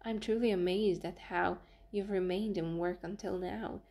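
A woman's voice: fairly low pitch, fairly even intonation, a little slow, warm tone. A woman voicing a bald, square-built, short-tempered male office boss who barks at his clerk in contempt. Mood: scolding. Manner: barking, contemptuous.

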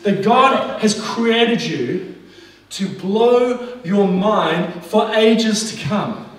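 Energetic high-voiced male preacher in echoey hall. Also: drawn-out words. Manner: energetic, exclamatory preaching with frequent laughter. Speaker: pastor. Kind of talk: sermon. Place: large church auditorium. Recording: very echoey hall, mic at a distance.

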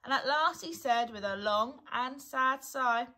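Slow, bright-voiced woman reading a story. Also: sits high. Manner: gentle, unhurried storytelling with a lively lilt. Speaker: primary school teacher reading aloud. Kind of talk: children's storybook read-aloud.

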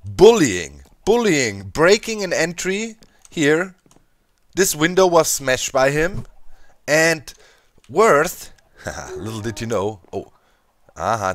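A man with a German accent hosting a gaming video, talking to viewers in an animated, playfully scheming way. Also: mid-range voice, no echo. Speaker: Minecraft let's play host. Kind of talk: gaming commentary.

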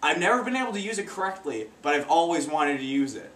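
A man's voice: on the high side, sing-song, quick pace, fairly bright tone. A teenage boy doing amateur stand-up comedy, stumbling and restarting his sentences. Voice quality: stumbling, awkward, many restarts. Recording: roomy, distant, faint noise.

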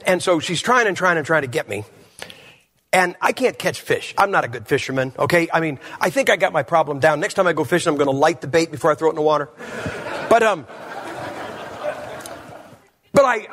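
A man's voice: on the high side, expressive, brisk, pauses often, fairly bright tone. A man preaching a humorous sermon at a church service, telling stories in a blunt, joking way.

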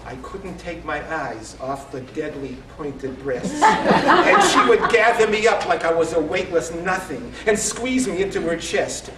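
A man's voice: fairly high pitch, very animated, unhurried, hardly any pauses, over a noisy crowd. A man in his sixties reading a comic family story aloud at a live event, with a wry delivery and punchlines. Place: live event in a store showroom. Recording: echoey room, distant mic.

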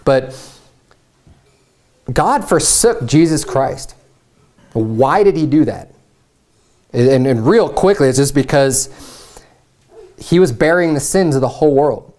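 A man's voice: mid-range voice, lively intonation, slow, pauses often, darkish tone. A man preaching a sermon as pastor, reading scripture aloud with earnest, rising emphasis.

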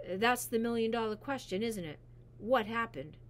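A woman reading aloud, voicing a drunk teenage girl who slurs her words and drags them out slowly. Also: on the high side, animated, a little hiss or hum, pitched above the performer's own voice, natural voice. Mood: tipsy. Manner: slow, slurred and sing-song.

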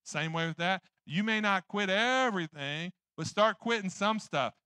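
A man's voice: sits high, normal speed, pushed and bright, smooth, no room sound. A man preaching a sermon in church, rambling and joking at his own expense. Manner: rambling, joking, self-deprecating.

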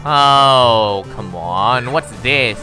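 A man's voice: mid-range voice, drawn-out words, pushed and bright, faint music behind. A man giving casual let's-play commentary, exasperated and swearing mildly at the game. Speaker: gamer.

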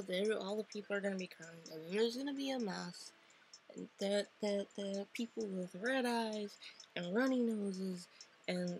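A woman's voice: mid-range voice, a little mellow, slight background noise, low-quality recording. A woman playing a visual novel, reading its lines aloud and chatting about them in a rambling, playful way. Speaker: let's play narrator.

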